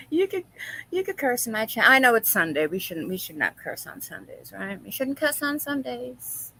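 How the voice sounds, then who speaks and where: Woman doing a chill coffee chat stream, bright voice, lots of laughing, reads chat out. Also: on the high side, sing-song, moderate pace, breathy edge, poor audio. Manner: gossipy, laughs often, reads the chat aloud. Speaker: live-stream host. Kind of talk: casual chat with live viewers.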